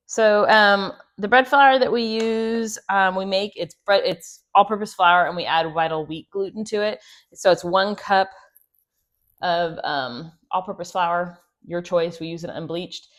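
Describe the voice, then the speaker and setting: A chatty woman gives a casual cooking demonstration in her home kitchen, joking and laughing at herself as she works. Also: on the low side. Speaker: homestead host. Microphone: clip-on mic.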